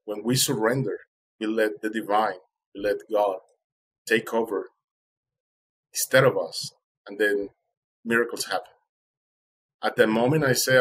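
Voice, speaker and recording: Husky man telling a dramatic personal story. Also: on the low side, a little slow, long pauses, fairly bright tone, low-quality recording. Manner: vivid, acts out quoted voices. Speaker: interview guest. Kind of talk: emotional first-person storytelling.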